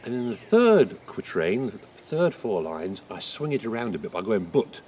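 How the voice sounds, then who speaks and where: A man playing Shakespeare, chatty and lively. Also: on the low side, moderate pace, slight background noise. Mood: friendly teaching. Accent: English. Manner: chatty, explains things with homely examples. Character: William Shakespeare, chatty old male playwright. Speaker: writing teacher. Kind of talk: in-character writing lesson.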